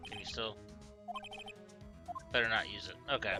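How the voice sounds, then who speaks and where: A man's voice: lowish voice, steady tone, moderate pace, pauses often. A man streaming a game, reading its text aloud and tossing in playful, joking asides. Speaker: let's play streamer. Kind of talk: casual let's play commentary, reading game text. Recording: game music behind the voice.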